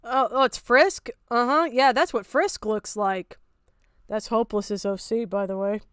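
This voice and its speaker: High-voiced, foul-mouthed woman streamer. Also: a little slow, smooth, no echo, clean studio sound. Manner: blunt, profane and exasperated, often shouting in disbelief. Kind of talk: casual reaction commentary.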